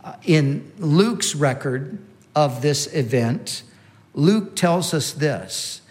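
A man delivers a sermon in a steady teaching manner. His voice sits a little high for a man. He often restarts a phrase and repeats the words he wants to stress. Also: drawn-out words. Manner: teaching, with frequent restarts and emphatic repetition. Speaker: preacher.

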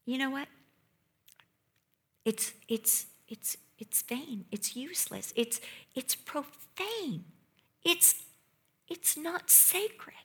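Middle-aged woman preacher, fairly high voice, passionate sermon delivery from hushed whispers to loud cries. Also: expressive, extremely slow, long pauses.

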